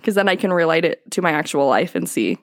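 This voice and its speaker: A woman's voice: sits low, very animated, quick pace, no room sound, clean studio sound. A young woman co-hosting a casual podcast, reading notes aloud and often breaking into giggles. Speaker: podcast co-host.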